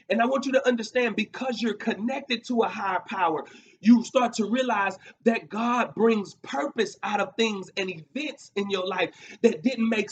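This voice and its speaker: A man leading a Bible study, speaking earnestly, repeating key words for emphasis with frequent fillers. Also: high voice. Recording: distant mic with faint background noise.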